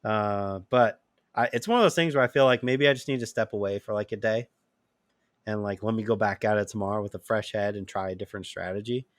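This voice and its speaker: A man co-hosts a gaming podcast in a low voice, chatting loosely and filling his talk with "like." He laughs at himself as he goes. The recording is dry and close. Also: a little fast, no room sound. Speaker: podcast co-host. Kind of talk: casual chat.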